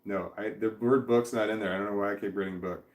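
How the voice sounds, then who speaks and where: Halting man reading chat comments, roomy sound. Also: lowish voice, fairly even intonation. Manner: halting, repeats words, reads comments aloud and stumbles over them. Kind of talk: casual livestream chat. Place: indoors at home with his dog. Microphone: webcam.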